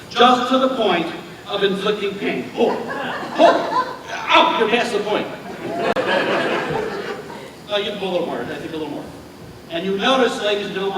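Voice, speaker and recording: A man performing as a stage magician, chatting and joking with volunteers in front of a live audience. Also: high-pitched. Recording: echoey theater hall from far off, audience noise.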